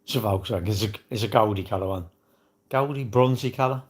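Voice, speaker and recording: A livestream host with a lowish, husky voice talks fast in a casual stream. He rambles and jokes at his own expense, greeting viewers and tossing asides their way.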